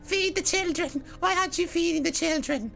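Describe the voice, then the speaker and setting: A man voicing a whiny, high-voiced townsperson in a video game, nagging in a squeaky falsetto. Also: normal speed, bright, forceful tone, exaggerated voice. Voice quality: squeaky falsetto, gravelly edge. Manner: whining, nagging. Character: whiny high-voiced townsperson complaining about work and food.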